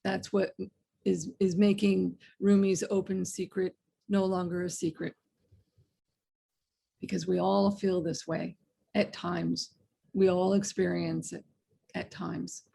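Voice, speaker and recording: Woman guest on a podcast, earnest, husky and a bit gravelly. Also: fairly low pitch, flat delivery, slow, long pauses, dark tone. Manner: earnest, tells stories with restarts. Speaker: guest author. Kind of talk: podcast interview storytelling.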